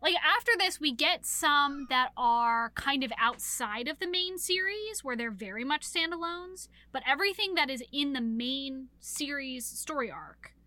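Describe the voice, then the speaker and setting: Recapping a book on her podcast, a female co-host chats casually and animatedly, swearing plenty and performing characters' quotes. She speaks in a high pitch at a measured pace with few pauses, and there's no echo.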